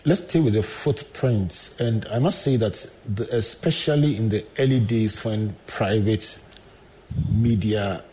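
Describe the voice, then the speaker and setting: A man's voice: on the low side, measured pace, a little mellow, rough recording. A man hosting an interview, earnestly framing long questions. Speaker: host. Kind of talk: interview conversation.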